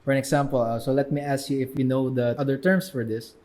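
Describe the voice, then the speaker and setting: Host asking questions. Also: male voice, mid-range voice, flat delivery, fast talker, a little mellow. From Philippines. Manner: curious questioning, laughs easily. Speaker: podcast host. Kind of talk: casual interview.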